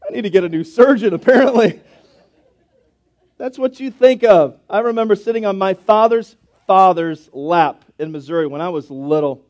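A middle-aged male pastor preaching a sermon in a church, telling chatty homespun stories and reading scripture slowly. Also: high voice, a little mellow. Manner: folksy, chatty storytelling with scripture read slowly. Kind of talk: storytelling sermon. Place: church sanctuary.

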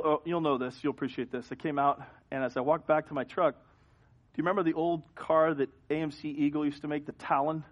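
High-ish guy preaching in church, gets loud and excited telling stories then drops quiet. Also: lo-fi sound. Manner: animated storytelling, swings from hushed to loud. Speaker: pastor. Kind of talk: sermon. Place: church sanctuary.

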